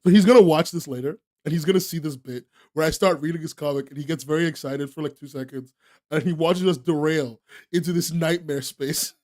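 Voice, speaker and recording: A young man hosts a live stream, speaking directly to his chat in a high, light voice with a brisk, darkish tone. He laughs a lot and leans into over-the-top, joking outrage.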